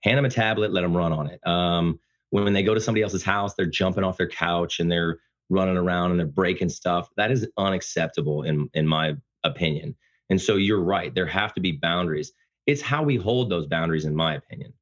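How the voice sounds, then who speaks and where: A man talking casually as a podcast guest, speaking loudly and passionately with animated storytelling. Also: brisk, lo-fi sound. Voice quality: loud booming voice. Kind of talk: casual conversation.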